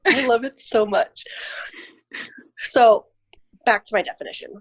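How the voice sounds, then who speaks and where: A woman's voice: fairly high pitch, unhurried. A woman presenting a podcast episode in casual chat, explaining things step by step. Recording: dull lo-fi recording.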